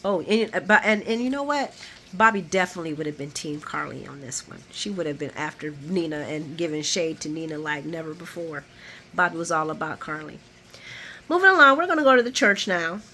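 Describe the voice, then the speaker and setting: A woman vlogger giving a chatty, animated recap of a soap opera episode. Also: low voice, a little fast, a little hiss or hum.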